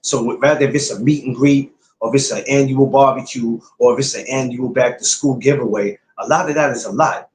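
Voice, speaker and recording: A man's voice: medium pitch, fairly even intonation, fairly quick, hardly any pauses, a little mellow, echoey room, slight background noise. A man hosting his podcast, talking casually and bluntly to his viewers, repeating his points like a lecture. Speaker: podcast host. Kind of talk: casual livestream talk to viewers.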